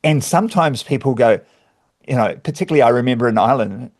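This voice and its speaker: A man's voice: medium pitch, lively intonation, quick pace, darkish tone. A middle-aged man with a New Zealand accent, a speaker coach chatting easily as a podcast guest. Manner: easygoing, laughs often. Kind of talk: casual interview chat.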